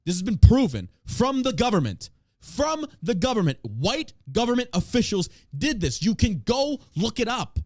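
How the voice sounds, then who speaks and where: A man's voice: high voice, very animated, normal speed, dry recording, clean studio sound. A man hosting a podcast, ranting in a profane, sarcastic, casual way about politics. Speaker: podcast host.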